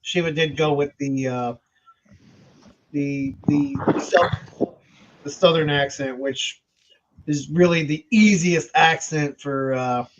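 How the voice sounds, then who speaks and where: A man's voice: a little high, lively intonation, takes it slowly, creaky, long pauses, dull audio, a little hiss or hum. A man explaining things hesitantly in casual chat, with many restarts. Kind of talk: casual group chat on a stream.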